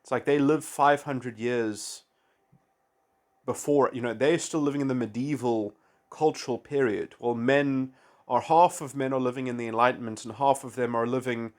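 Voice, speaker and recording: A man giving a rambling philosophical monologue, halting often and filling gaps with restarts. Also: mid-range voice, fairly even intonation. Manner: halting, full of restarts and "you know". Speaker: video essayist.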